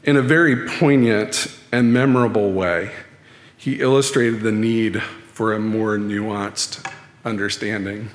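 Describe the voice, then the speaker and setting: A man's voice: medium pitch, a little hiss or hum. Man preaching in an echoey hall. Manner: measured, dryly self-deprecating. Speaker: lay speaker at church. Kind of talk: sermon-style talk. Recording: echoey hall with long reverb.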